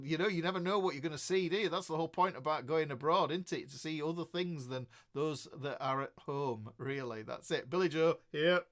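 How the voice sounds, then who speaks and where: Hosting a casual guitar stream, a fifty-something man with a Northern English accent welcomes viewers by name and reads their comments aloud. He has a slightly higher-than-average male voice and chats in a warm, meandering way, often restarting sentences and chuckling easily.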